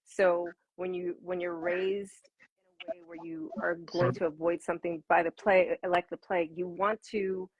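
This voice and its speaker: A woman answering interview questions as an intimacy coach, animated and laughing, often repeating words for emphasis. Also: on the low side, normal speed, muffled recording.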